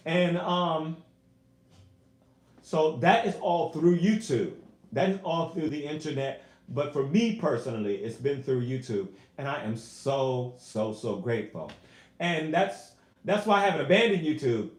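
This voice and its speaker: A man's voice: fairly high pitch, a little slow, echoey room. A man, a singer and YouTuber, chatting casually on a live stream from home, earnest and emotional as he talks to his viewers. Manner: emotional, earnest, animated, addresses viewers as y'all.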